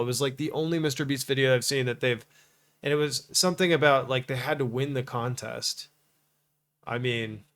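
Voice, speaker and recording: A man's voice: medium pitch, fairly bright tone. Casual man interviewer, rambling. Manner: loose, trailing sentences with filler likes. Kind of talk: casual chat.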